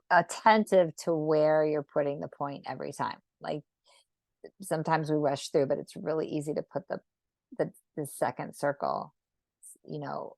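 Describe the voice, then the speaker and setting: A woman leading a live online geometry drawing lesson, speaking gently and unhurriedly and often checking in with "right?". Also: deep voice, gravelly, no echo. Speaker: sacred geometry teacher.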